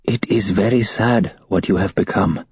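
A man voicing a calm, compassionate royal figure who speaks formally in a storybook reading. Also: fairly low pitch, moderate pace, breathy edge, dry recording, dull audio. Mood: gentle. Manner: gentle, formal. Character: calm commanding male royal, gentle and compassionate.

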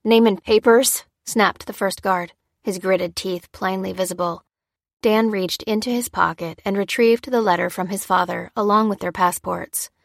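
A woman reads a storybook chapter in steady, measured narration. Her voice sits in the middle of the female range, and the recording is dry and close. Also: mid-range voice, gravelly, no room sound. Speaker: audiobook narrator. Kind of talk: scripted narration.

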